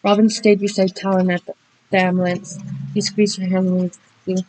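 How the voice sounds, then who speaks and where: A woman narrating a horror story dramatically, speeding through action and slowing for suspense. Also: mid-range voice, level tone, darkish tone, poor audio.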